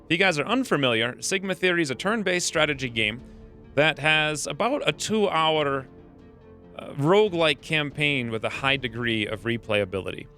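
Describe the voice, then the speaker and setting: Give me a man with a bright, clear voice giving upbeat let's play commentary on a strategy game. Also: a little high, expressive, moderate pace, faint music behind. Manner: casual, upbeat, explains as he plays. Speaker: gaming channel host.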